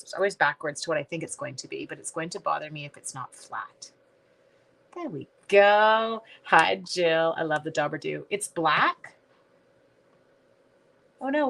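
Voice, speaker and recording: A woman's voice: medium pitch, fairly bright tone. A woman hosting a live-streamed stamping class, chatting casually into her phone, greeting viewers by name and correcting herself as she goes.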